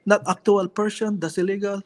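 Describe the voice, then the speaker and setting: A man putting on a gentle, soft-spoken adult male boxer with a Filipino accent, speaking in halting phrases full of "uh" pauses. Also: high-pitched, little pitch movement, slight background noise, voice pushed up, close to an everyday voice. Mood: salesy.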